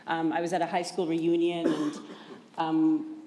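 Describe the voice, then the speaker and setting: A woman novelist on a panel, speaking hesitantly with many pauses. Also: low voice, little pitch movement, warm tone. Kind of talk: casual panel talk. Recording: echoey room, faint noise.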